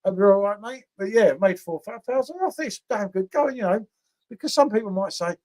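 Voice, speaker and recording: Bloke hosting a beer review live, chatty, keeps tacking "innit" on, voice a bit high. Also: male voice, expressive, a little fast, darkish tone. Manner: chatty, banters with viewers by name, tag questions. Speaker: beer review channel host. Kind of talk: casual livestream chat.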